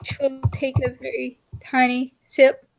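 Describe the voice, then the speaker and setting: High-voiced, unhurried woman player. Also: monotone, creaky, no echo. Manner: casual, halting with fillers. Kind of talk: tabletop role-play narration.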